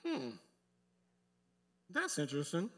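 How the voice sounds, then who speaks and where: A male pastor preaching a sermon to a live congregation in a church, speaking emphatically with long pauses and addressing the pews directly. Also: on the high side, wildly swooping pitch.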